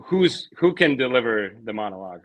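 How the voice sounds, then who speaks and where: A man's voice: medium pitch, very animated, fairly quick. A man in a casual podcast chat, easygoing, laughing often and swearing casually. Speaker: podcast co-host.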